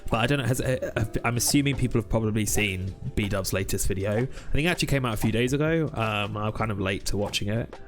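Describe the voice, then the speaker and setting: Over soft background music, a young British man with a lowish voice talks quickly and barely pauses while streaming a game. He chats casually with viewers, reads their comments aloud, and rambles with lots of ums.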